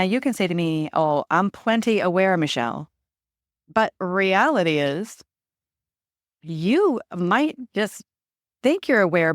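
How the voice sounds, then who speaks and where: A woman hosts her own podcast, speaking in a lowish voice. She coaches the listener in a conversational way and keeps checking in with "right?". The recording is close and dry. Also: no echo. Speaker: podcast host. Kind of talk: solo podcast talk.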